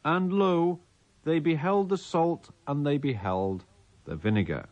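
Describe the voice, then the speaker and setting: A man's voice: on the high side, unhurried, lo-fi sound. A man, a radio host reading a listener's letter aloud in a mock-solemn, theatrical way.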